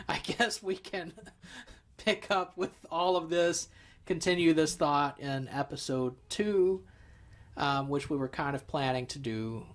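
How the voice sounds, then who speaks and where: A man hosting a podcast in easygoing casual chat, laughing often and steering the conversation. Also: fairly high pitch. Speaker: podcast host.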